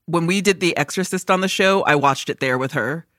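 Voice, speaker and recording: A woman co-hosting a podcast in casual chat, an animated storyteller who swears freely and laughs often. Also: fairly low pitch, brisk, dry recording, clean studio sound. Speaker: podcast co-host.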